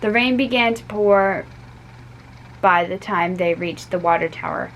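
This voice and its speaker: A woman reading a chapter of a children's story aloud, unhurried, with small stumbles and restarts. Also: mid-range voice, a bit bright, slight background noise, low-quality recording.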